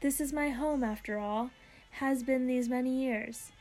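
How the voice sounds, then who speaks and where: A proud, prickly little leprechaun man, read by a woman narrator, full of old-fashioned turns of phrase and quick to take offence. His voice sits a touch high. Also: dark tone, soft background music. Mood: indignant. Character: feisty tiny male leprechaun, proud and stubborn.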